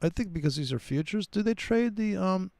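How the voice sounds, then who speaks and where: High-voiced swearing storyteller man. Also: brisk, creaky, no room sound. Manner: animated storyteller, swears freely. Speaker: trading stream host. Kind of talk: casual chat.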